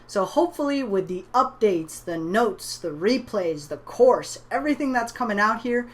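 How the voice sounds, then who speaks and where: This online business trainer speaks in an expressive, mid-range voice at a moderate pace. Her motivational story is told conversationally, peppered with "you know" and "right?" tags.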